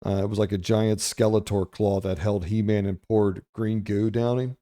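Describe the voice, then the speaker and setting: A man's voice: on the low side, flat delivery, moderate pace, warm tone. A middle-aged man hosting a gaming channel, telling rambling, profane, jokey stories over gameplay commentary. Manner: profane, brash, jokey storytelling.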